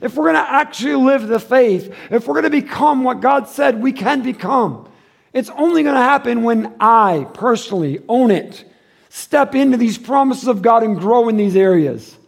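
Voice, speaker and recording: High-voiced man preaching casually. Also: expressive, normal speed, creaky. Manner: conversational preaching, acts out quoted voices, chuckles often. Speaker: pastor. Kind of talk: sermon.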